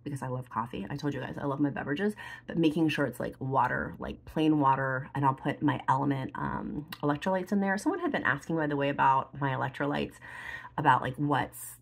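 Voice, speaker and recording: A woman's voice: very deep voice, brisk, gravelly, breathy edge. A woman vlogger chatting casually to the camera while doing her makeup, chatty and emotional, sometimes teary. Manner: chatty, emotional, lots of fillers like "like". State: teary, tearful. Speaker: beauty and lifestyle vlogger.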